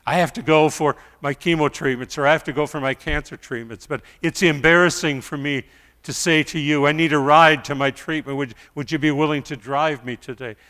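A middle-aged male pastor preaching a sermon, telling stories quietly and then rising to loud pleas. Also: a little high, fairly even intonation, fairly quick, big-room sound.

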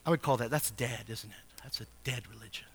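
A man preaching a sermon, moving from hushed murmured questions to shouted, emphatic exhortation. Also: mid-range voice, brisk, slightly rough. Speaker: pastor.

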